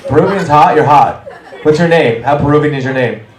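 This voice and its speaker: A man doing stand-up crowd work, brash and teasing, firing quick jabs at audience members. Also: on the high side. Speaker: stand-up comedian. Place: small comedy club. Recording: roomy club from a distance, crowd laughter. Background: audience laughing.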